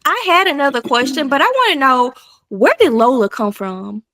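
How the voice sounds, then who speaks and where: Lively high-voiced woman, blunt and animated. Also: moderate pace. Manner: blunt, animated, curses freely. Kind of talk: casual chat.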